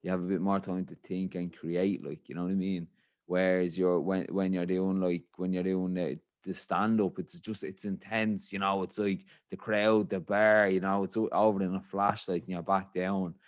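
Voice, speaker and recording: A man's voice: low-pitched, little pitch movement, normal speed, no echo, studio quality. An Irish man hosting a podcast in loose, rambling casual chat, full of swearing and filler phrases. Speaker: podcast host.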